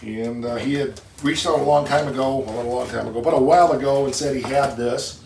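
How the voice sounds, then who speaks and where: A man's voice: medium pitch, fairly quick, gravelly, a little mellow. A man from northern Michigan hosting his car shop channel, chatting in a folksy, rambling way as he unboxes parts. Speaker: shop owner and channel host. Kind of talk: casual chat while unboxing. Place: shop or barn workshop. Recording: echoey shop, mic at a distance, noisy.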